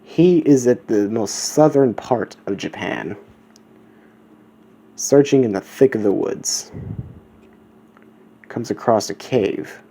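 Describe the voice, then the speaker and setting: A man narrating a fan story at an unhurried pace in a lowish voice. He rambles and corrects himself as he goes, and faint ambient noise sits behind him. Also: dark tone. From United States. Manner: rambling, self-correcting asides. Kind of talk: casual storytelling.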